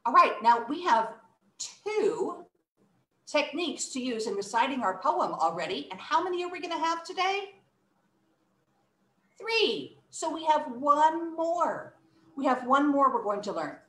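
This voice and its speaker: A woman teaching poetry recitation in a playful way, demonstrating emphasis with exaggerated, deliberate delivery. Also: high voice, very animated, a bit bright. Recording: roomy echo.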